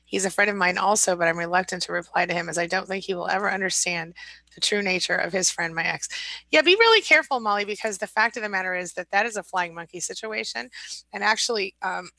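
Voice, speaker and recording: A woman hosting a casual live chat, reading viewer comments aloud and answering each one in a warm, supportive way. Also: lowish voice, steady tone, quick pace, gravelly, no room sound, low-quality recording. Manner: chatty and supportive, reads comments aloud then responds. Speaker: live-stream host and recovery coach.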